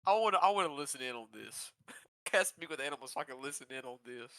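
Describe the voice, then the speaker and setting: A man plays in a tabletop game, laid-back and questioning. His mid-pitched voice is smooth and clear. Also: lively intonation, fast, sharp tone. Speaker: player. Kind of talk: casual tabletop play.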